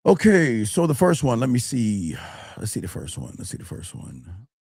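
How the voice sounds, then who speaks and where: Gravelly, blunt dating coach man. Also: huge pitch swings, moderate pace, no room sound, studio quality. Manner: blunt, profane, gets loud and high when scornful. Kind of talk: livestream advice talk.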